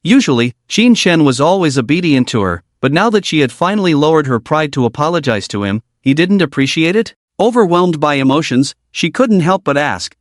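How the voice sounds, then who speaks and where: A man narrating a scripted story recap in an even, steady reading manner. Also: a little high, brisk, few pauses, dry recording, clean studio sound.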